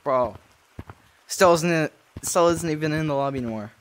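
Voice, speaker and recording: A young man streaming a game in casual chat with friends, excitable with sudden loud outbursts. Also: medium pitch, fast, slight background noise.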